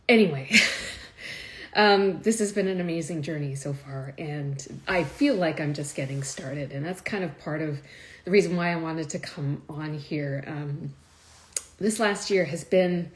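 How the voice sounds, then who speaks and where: Deep-ish voiced woman doing a live chat from home, lots of ums, gets teary n laughs a lot. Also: unhurried. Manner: chatty, emotional, laughs often, many fillers. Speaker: wine video creator. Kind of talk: casual live-stream chat.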